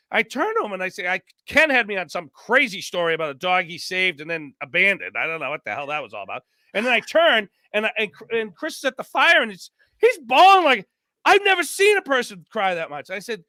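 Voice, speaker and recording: A man in a casual podcast chat whose voice sits high and swings widely in pitch. He talks in an animated, rambling way, restarting sentences and leaning on "you know". The sound is dry, with no room around it. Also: a little fast, no room sound. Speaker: podcast guest, former reality show contestant.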